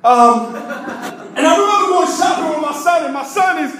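A man's voice: extremely high pitch, lively intonation, normal speed, a bit bright. A man preaching as pastor, telling funny stories and calling out to the congregation. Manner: playful, jokes and calls out to the congregation. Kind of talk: humorous sermon storytelling. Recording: very echoey hall.

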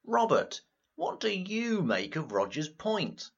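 An actor playing a jolly, easily flustered host chairing a studio panel. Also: male voice, high-pitched, takes it slowly, vocal fry, slightly rough, muffled recording, full character voice. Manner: jolly, flustered, lively intonation. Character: genial male radio host chairing a panel.

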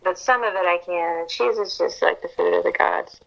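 Bright-voiced chatty woman from Atlanta. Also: fairly low pitch, a little fast, creaky, highs cut off. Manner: chatty and animated, lots of "like". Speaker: guest actress. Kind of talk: casual interview chat.

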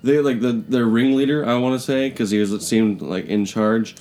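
A man's voice: mid-range voice, steady tone, normal speed, a little mellow. A young man from western Canada telling a rambling, comedic camping story on a podcast, acting out the voices of people he met. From British Columbia, Canada. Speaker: podcast co-host.

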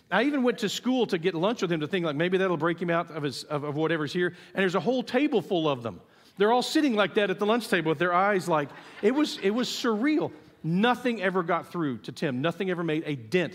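A middle-aged man preaching a sermon, telling stories in an animated way and acting out the people he quotes. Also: fairly high pitch. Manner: storytelling, animated, acts out quotes. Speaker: pastor. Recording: long reverb of a church hall.

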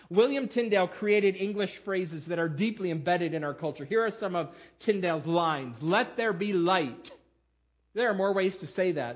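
A pastor preaches a sermon to his church in the sanctuary, recounting history through emphatic storytelling full of fillers and restarts. His voice is a little high, and the audio has its highs cut off.

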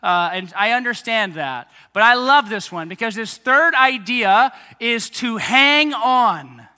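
A man preaching a sermon to a young congregation, animated and speaking straight to them. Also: very high-pitched, slow, clean tone, long reverb tail. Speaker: pastor.

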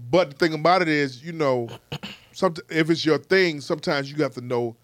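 A man's voice: on the high side, moderate pace, fairly bright tone, no echo. A man hosting a casual podcast, blunt and opinionated, swearing freely as he talks. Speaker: podcast host.

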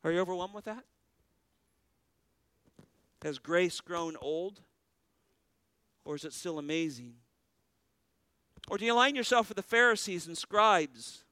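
A man's voice: sits high, animated, a little slow, long pauses, pushed and bright, clean tone, no room sound, clean studio sound. A man preaching a sermon as pastor, earnest, with a rising and falling preaching cadence.

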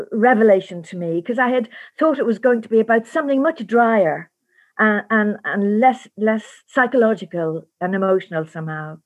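A woman audiobook narrator talking thoughtfully in an interview, searching for her words. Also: fairly high pitch. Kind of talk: reflective interview talk. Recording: slightly dull lo-fi sound.

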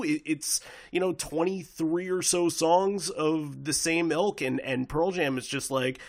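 A man hosts a podcast in casual conversation, talking in halting bursts and repeating words as he thinks. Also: fairly high pitch, vocal fry. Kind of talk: casual chat.

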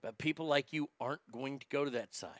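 A male comedian hosts a livestream, reading the chat out loud and ranting bluntly with plenty of profanity. His voice is mid-range and he talks fast, with no echo.

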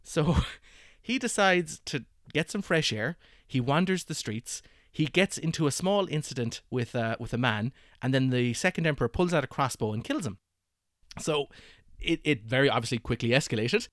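A man tells history in casual podcast chat, laughing often and slipping into quick voices for the people in the story. His voice sits at a middling pitch and sounds dry and close to the mic. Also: dry recording. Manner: animated, laughs often, acts out quotes. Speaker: podcast host telling history.

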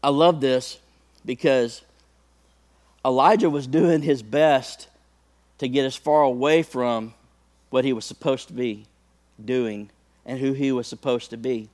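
A man's voice: mid-range voice, steady tone, unhurried, long pauses, a little mellow. A male preacher delivering a sermon, talking conversationally to the congregation and building to impassioned peaks.

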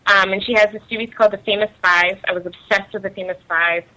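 A woman's voice: mid-range voice, steady tone, fast talker, bright, forceful tone, low-quality recording. A young woman from Nigeria, chatting casually as an interview guest, laughing often and using many fillers.

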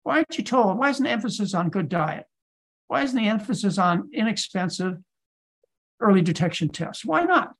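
A man's voice: sits high, normal speed. A man who is a physician, giving lecture-style answers in a podcast Q&A and pressing his points with insistent rhetorical questions. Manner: emphatic, hammering rhetorical questions.

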